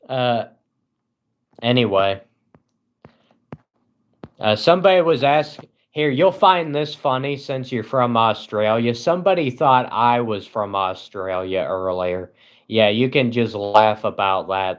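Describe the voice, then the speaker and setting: On a live stream, a man with a lowish voice reads his chat and replies casually in a sarcastic, deadpan manner. He takes his time and rambles, filling gaps with frequent "uh"s.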